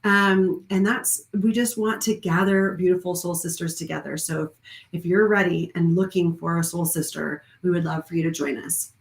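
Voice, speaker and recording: A woman's voice: fairly low pitch, steady tone, normal speed, gravelly. A woman who leads a wellness studio, giving a heartfelt, effusive live-streamed talk that rambles with restarts. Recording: roomy echo.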